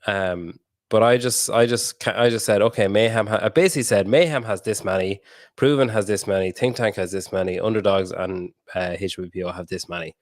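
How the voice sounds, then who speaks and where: A man's voice: lowish voice, steady tone, brisk, no room sound, studio quality. A man hosting a podcast interview over a video call, chatty and laughing often, with casual swearing. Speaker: podcast host.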